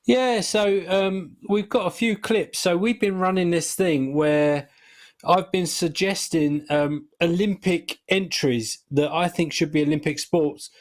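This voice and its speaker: A man's voice: sits high, fairly even intonation, measured pace. A man co-hosting a casual chat show, presenting clips in an easygoing, chuckling way.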